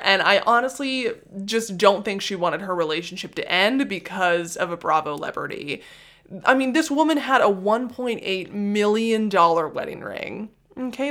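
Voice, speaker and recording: A woman's voice: on the low side, a bit bright. A young woman hosting a solo celebrity gossip podcast, chatty, sarcastic and self-mocking. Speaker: podcast host.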